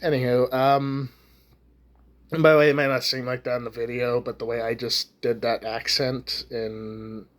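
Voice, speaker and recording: A man's voice: mid-range voice, flat delivery, normal speed. Man, casual vlog ranter, foul-mouthed and rambling, mid-range voice. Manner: profane, rambling, with many restarts and fillers. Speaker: YouTube ranter. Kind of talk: casual rant to camera.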